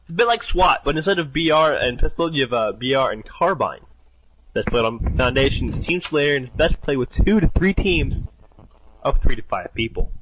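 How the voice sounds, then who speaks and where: A man's voice: mid-range voice, animated, normal speed, background noise. A young man co-hosting a casual gaming podcast, reading out listener submissions and trailing off at times. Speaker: podcast co-host.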